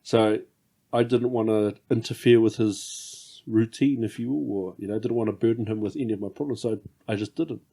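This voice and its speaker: A man's voice: fairly low pitch, brisk, dark tone, slightly rough. A middle-aged man hosting a podcast, reflecting candidly on fatherhood and swearing casually. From New Zealand. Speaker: podcast host. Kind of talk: casual chat.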